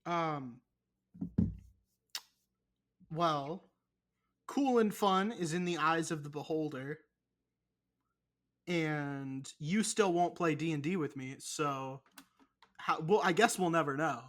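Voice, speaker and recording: A young man chatting on a casual podcast, his voice sitting a little high for a man. He rambles, swears freely and pokes fun at himself as he talks. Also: slow pace, long pauses, fairly bright tone. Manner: profane, rambling, self-mocking. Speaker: podcast co-host. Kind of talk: casual chat.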